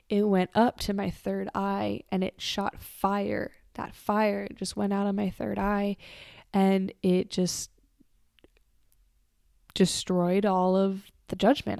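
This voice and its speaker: A woman's voice: medium pitch, flat delivery, takes it slowly, vocal fry, darkish tone, dry recording, studio quality. A woman hosting a podcast, telling a personal story in a candid, confessional way, swearing casually and wandering off on side tangents. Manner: rambling with side tangents and restarts. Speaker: podcast host.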